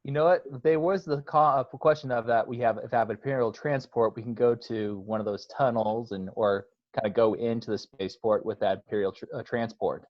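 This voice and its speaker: A man's voice: mid-range voice, fairly even intonation, fairly quick, hardly any pauses, no echo. A man playing in a tabletop game, thinking aloud casually. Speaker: player. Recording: dull lo-fi, dry.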